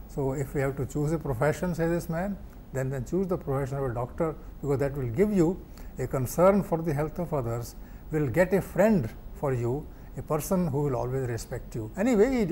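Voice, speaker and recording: Male lecturer, mellow tone, halting delivery full of fillers. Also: a little high, slight background noise. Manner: explains slowly with many fillers and restarts. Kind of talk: academic lecture.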